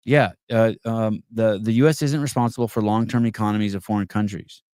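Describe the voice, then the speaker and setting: This man hosts a live call-in podcast, speaking bluntly, swearing a lot, often restarting his words and reading viewer comments aloud. He's an adult with children, and his voice is lowish, steady, brisk, darkish and smooth. The studio-quality recording has no room sound.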